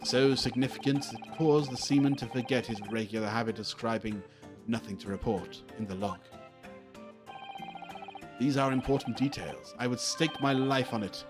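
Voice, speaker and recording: Over game music, a man plays a theatrical, self-assured British detective, reading in a grand, drawn-out, grandiose style. His voice is mid-range and natural.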